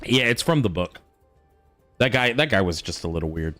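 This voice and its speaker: A man's voice: fairly low pitch, animated, normal speed, fairly bright tone, no echo, faint music behind. A young adult man hosting a game stream, chatting casually in a laid-back way and swearing freely as he reacts to the game. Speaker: streamer host. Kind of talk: casual chat while gaming.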